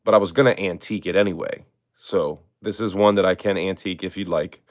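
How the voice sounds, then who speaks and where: A man's voice: sits low, fairly even intonation, brisk, muffled recording. A man hosting a live-stream auction, chatting in a laid-back way and thanking his viewers often.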